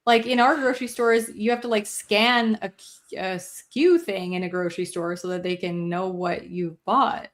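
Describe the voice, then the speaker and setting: A woman's voice: mid-range voice, fairly even intonation, normal speed. A woman co-hosting a podcast, talking casually and hesitantly, with lots of fillers and thoughts that trail off. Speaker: podcast co-host. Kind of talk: casual conversation.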